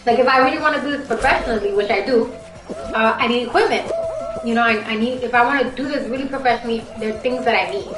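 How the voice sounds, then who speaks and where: A woman's voice: a little high, quick pace. A young woman from the Bronx with a heavy Bronx Puerto Rican accent, who grew up speaking Spanish, chatting casually with viewers on a live stream. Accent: Bronx Puerto Rican New York. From Bronx, New York. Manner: chatty, rambling, talks straight to viewers. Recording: echoey room with music behind.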